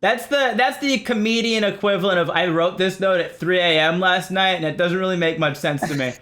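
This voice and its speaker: A man's voice: high voice, a little fast, fairly bright tone. A young man co-hosting a podcast, chiming in with dry wisecracks during casual banter. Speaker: podcast co-host.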